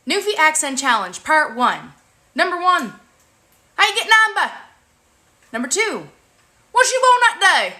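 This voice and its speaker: A woman's voice: high voice, sing-song, a little slow, long pauses, pushed and bright. A woman with a Newfoundland accent playfully running through an accent challenge with exaggerated phrases.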